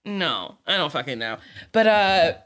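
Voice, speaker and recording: Woman, bright voice, animated storyteller, laughs often, casual podcast chat. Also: on the low side, unhurried.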